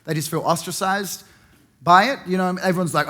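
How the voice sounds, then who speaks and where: Stand-up: young Australian man, sardonic and sweary, high, bright voice. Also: brisk. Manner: sardonic, swears freely, mocks with put-on voices. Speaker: stand-up comedian. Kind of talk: stand-up comedy set.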